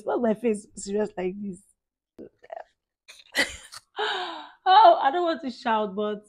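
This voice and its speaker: A woman's voice: mid-range voice, lively intonation, slow, long pauses, darkish tone. A woman in her thirties from Nigeria with a Nigerian accent, talking casually and effusively to her vlog viewers. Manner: chatty and effusive, with frequent "like" and "guys". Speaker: vlogger.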